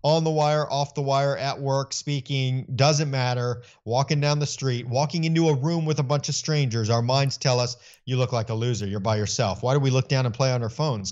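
A middle-aged man speaking earnestly in an interview, telling stories with animated voicing of his own thoughts. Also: medium pitch, muffled recording. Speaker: guest. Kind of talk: conversational interview.

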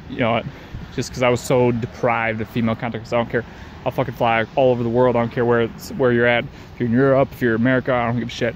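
A man's voice: mid-range voice, flat delivery, brisk, slight background noise. A man talking in a rambling, profane casual rant, repeating himself and chuckling between sentences.

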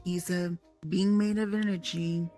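A woman's voice: lowish voice, steady tone, unhurried, warm tone, faint music behind, close to an everyday voice. A woman playing a motherly older woman who dotes on a young hero and playfully pries into her friend's feelings, in a fan audio drama. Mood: tender, wistful. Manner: playfully prying, mock-stern.

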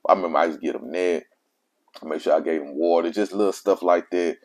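A man's voice: low voice, steady tone, fast, a little mellow. A man who is a father, telling his own life story in casual, slangy speech and repeating himself for emphasis. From Mississippi. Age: adult father of children.

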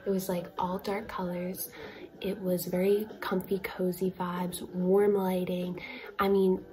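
A woman's voice: on the low side, little pitch movement, measured pace, mellow. A young adult woman telling a travel story to the camera in a casual, chatty vlog, with lots of fillers and small laughs. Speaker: vlogger. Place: indoors, facetime-style talking to camera.

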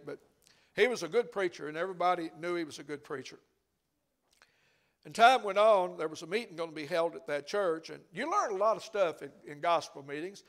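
Gravelly older preacher telling a story. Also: male voice, on the high side. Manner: storytelling, folksy and conversational. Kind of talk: sermon. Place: church.

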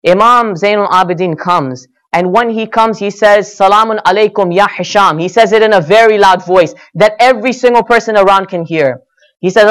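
A man's voice: high voice, fairly bright tone. A man giving a sermon, telling stories earnestly and voicing the quoted lines with rising and falling emphasis. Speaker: speaker at a religious gathering. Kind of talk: sermon storytelling.

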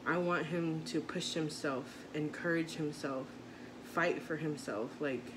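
Against a noisy background, a woman in her thirties talks to camera in a casual mom vlog, restarting often as she rambles warmly and sincerely. She speaks unhurriedly in a low-pitched, steady voice.

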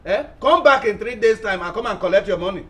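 An evasive older Nigerian chief. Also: male voice, sits high, animated, fast talker, fairly bright tone. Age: 60s. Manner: coaxing, dismissive, evasive. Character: evasive older male debtor, a retired chief. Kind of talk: sitcom acting.

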